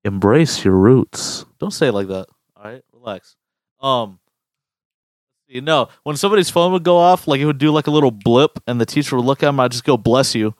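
Profane animated young man telling stories. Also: mid-range voice, brisk, dry recording, clean studio sound. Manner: profane, animated storyteller doing goofy quoted voices. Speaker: podcast co-host. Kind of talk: casual podcast banter.

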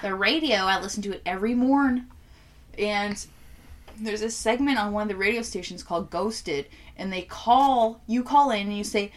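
A woman's voice: medium pitch, normal speed. A woman co-hosting a casual chat, rambling with dry humor and casual swearing.

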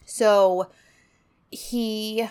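An animated woman co-hosting a podcast, chatting casually about a show. She acts out the characters' lines in lively bursts and laughs often, and her pitch sits in a middle range. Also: drawn-out words, clean tone. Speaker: podcast co-host. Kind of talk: casual recap chat. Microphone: podcast mic.

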